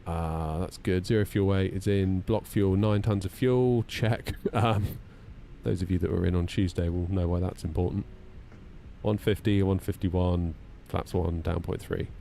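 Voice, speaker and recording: A man's voice: low-pitched, steady tone, measured pace, creaky, dark tone, a little hiss or hum. A man in his thirties, chatting casually on a live stream while running through flight checklists, self-deprecating and talkative. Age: 30s.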